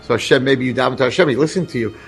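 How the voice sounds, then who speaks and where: A rabbi telling a story to an audience, animated and acting out the lines of the people in it. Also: male voice, medium pitch, racing, gravelly, slightly rough, faint music behind. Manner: animated, acts out dialogue. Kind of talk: storytelling talk.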